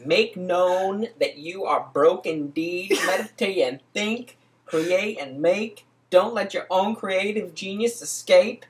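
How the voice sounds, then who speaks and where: A man putting on a slow, dramatic voice for a rhyming hustler's creed. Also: sits high, voice pushed up. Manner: slow, dramatic, rising delivery.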